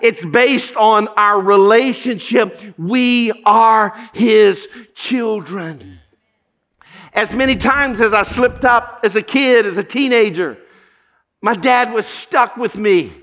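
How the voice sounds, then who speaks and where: A man's voice: high voice, slow pace, fairly bright tone. A male pastor preaching a sermon, telling a story earnestly with repeated false starts.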